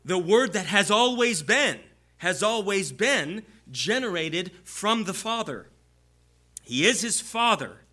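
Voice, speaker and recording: A man's voice: on the high side, pushed and bright. A man preaching a sermon to his congregation, explaining scripture and building to emphatic peaks.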